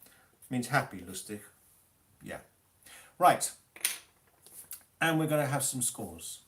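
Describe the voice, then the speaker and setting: Lively man hosting a music quiz. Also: medium pitch, slow pace. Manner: teasing, strict about spelling and rules. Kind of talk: live-streamed quiz hosting.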